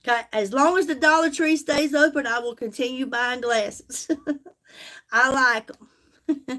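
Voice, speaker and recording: A woman's voice: sits high, steady tone, measured pace, pushed and bright. A woman with a Southern US accent chatting folksily with viewers on a casual live stream, calling them honey as she sells.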